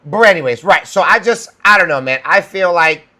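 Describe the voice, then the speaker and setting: Brief: male podcast co-host, laid-back and agreeable, bright, forward tone. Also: high-pitched, expressive, fairly quick. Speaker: podcast co-host, security instructor. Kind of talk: casual podcast chat.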